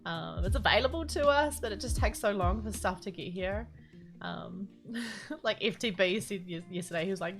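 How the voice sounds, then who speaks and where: A woman's voice: medium pitch, moderate pace, creaky, soft background music. A woman with a New Zealand accent chatting casually on a live game stream, rambling and giggling often. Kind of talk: casual live-stream chat while gaming. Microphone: standalone studio mic.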